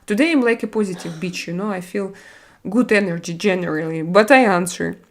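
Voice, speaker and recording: Chatty woman with a Russian accent. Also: medium pitch. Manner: halting, with many fillers and restarts; blunt and chatty. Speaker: live-stream host. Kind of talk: casual live-stream chat reading viewer comments.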